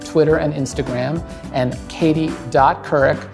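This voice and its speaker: A man's voice: on the high side, fairly even intonation, a little slow, gravelly, over music. Man co-host reading the outro. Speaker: podcast co-host.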